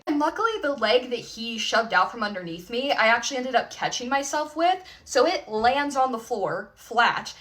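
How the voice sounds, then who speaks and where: Young woman, storyteller, bright high-ish voice, blunt and profane, talks right to the viewer. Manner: candid, frank and profane, addressing the viewer directly. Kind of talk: casual storytime monologue.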